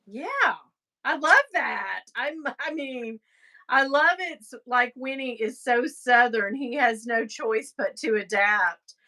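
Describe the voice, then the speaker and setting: A woman's voice: fairly high pitch, slow pace, sharp tone. A woman co-hosting a casual livestream chat, playful, greeting viewers and reading out their comments. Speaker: livestream co-host.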